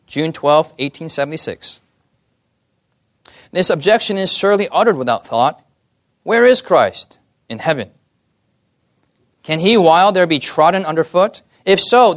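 A young man preaching a sermon, often putting questions to the audience and asking for amens. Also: on the high side.

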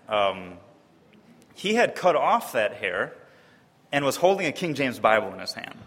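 A man from Wisconsin telling a personal testimony story in a lively way, acting out the voices of the people he quotes. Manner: lively, acts out quoted voices, often pitching up high in disbelief. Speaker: speaker giving a personal testimony. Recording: long reverb of a large hall.

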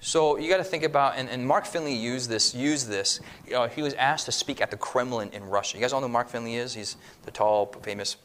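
A man giving a lively religious teaching talk at a church seminar, acting out quoted voices and swinging his voice up and down for emphasis. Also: medium pitch, fairly quick, few pauses, slight background noise.

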